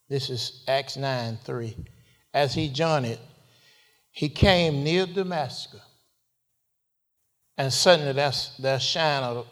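A man preaching a sermon, unhurried, asking rhetorical questions and rising to sudden emphatic lines. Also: medium pitch. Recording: long reverb of a large hall.

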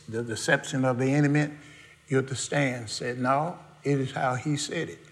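A man preaching a sermon, quizzing the congregation with questions and folksy asides, in everyday dialect grammar. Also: medium pitch.

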